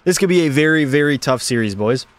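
A man streams a hockey video game at a fast clip, his medium-pitched voice carrying no room sound. He delivers excitable play-by-play, talks to his chat, and faint music plays behind him.

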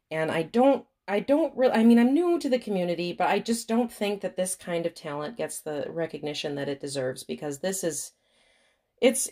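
A woman with a Midwestern accent talks through an unboxing on her home vlog, her voice sitting slightly low. She gushes and gasps in excitement, filmed on a camera set up on a tripod. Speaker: vlogger.

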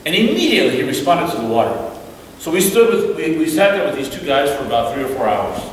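A man giving an animated storytelling talk as a guest speaker at a church, acting out the voices in his stories. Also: a little high, fast talker, a little hiss or hum. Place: church hall. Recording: echoey hall from far off, faint ambience.

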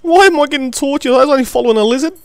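A man role-playing a captured nature presenter in an online game, panicking, pleading and swearing loudly into a close, overdriven headset mic. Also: very high-pitched, rapid-fire, no room sound.

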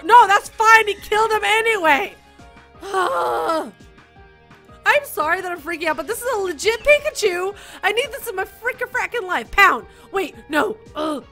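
A young woman gamer with a very high, bright voice, narrating her play. Her pitch leaps around in lively swings, she giggles a lot, and she jumps from squealing outbursts to low mumbling. Game music plays faintly behind her. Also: unhurried. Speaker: gaming YouTuber. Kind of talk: excited let's-play commentary.

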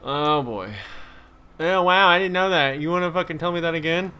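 A young man giving casual gaming commentary, swearing freely, laughing and reacting loudly to the game. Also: on the high side, normal speed, smooth. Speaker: gameplay commentator.

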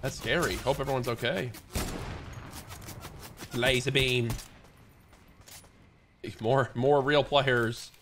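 A man's voice: mid-range voice, steady tone, slow, pauses often, background noise. A man streaming a game with friends, joking and mocking himself in casual banter. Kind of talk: casual gaming chat.

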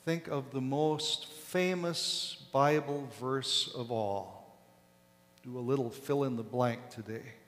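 A man preaching a sermon as pastor, slow and deliberate, leaning hard on key words. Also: mid-range voice, fairly bright tone. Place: large church sanctuary. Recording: long echo of a church hall.

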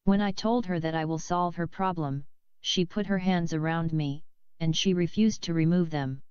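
A woman reading a novel aloud in a measured, steady way, close to the mic, on a slightly dull lo-fi recording. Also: lowish voice, smooth, no room sound. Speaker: audiobook reader.

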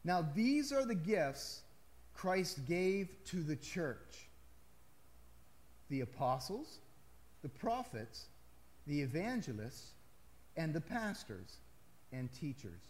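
A man's voice: on the high side, sing-song, slow, pauses often, darkish tone. A male pastor preaching a sermon to his congregation in a conversational way, with emphatic rises and casual asides.

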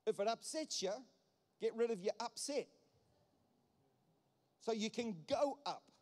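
A man's voice: sits high, lively intonation, measured pace, darkish tone. A man pastor preaching a sermon, emphatic and repetitive, building points through wordplay. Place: church hall. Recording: long church hall reverb.

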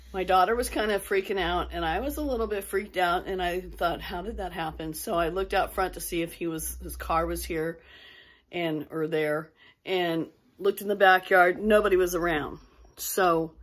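A middle-aged woman casually telling a personal ghost story to her viewers, rambling and interrupting herself as she goes. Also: fairly low pitch. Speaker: vlogger.

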